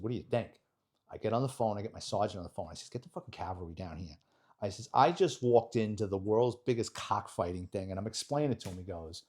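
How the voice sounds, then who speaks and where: A man's voice: medium pitch, a little mellow, slightly rough. A middle-aged man, a retired detective telling a story in an interview and acting out the other voices.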